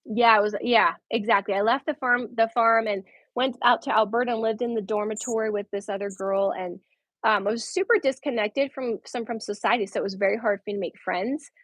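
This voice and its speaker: A woman in her thirties, a guest telling her story in casual conversation, animated and laughing often. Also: on the high side, a little fast, dry recording, low-quality recording.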